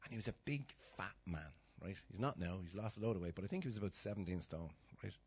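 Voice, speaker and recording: A man's voice: low voice, fast, husky. A middle-aged man preaching a sermon, telling stories with acted-out voices and sudden drops to a whisper. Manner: animated storytelling, acting out voices, dropping to whispers.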